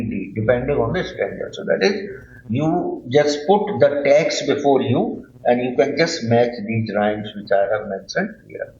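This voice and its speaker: A male English literature teacher giving an explanatory lecture, halting often with fillers and repeated words. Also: mid-range voice, darkish tone, reverberant, dull audio, slight background noise.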